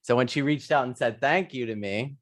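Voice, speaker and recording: A man answering the host in casual conversation, speaking haltingly with small restarts. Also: medium pitch.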